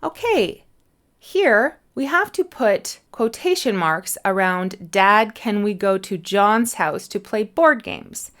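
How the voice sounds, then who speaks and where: A woman teaching an English punctuation lesson, explaining each answer clearly and patiently and spelling letters out slowly. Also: mid-range voice, animated, fairly bright tone.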